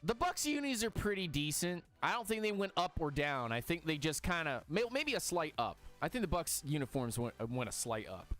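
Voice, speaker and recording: A man hosting a live stream, reacting excitably and talking to his chat in casual commentary. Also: a little high, normal speed, few pauses, soft background music.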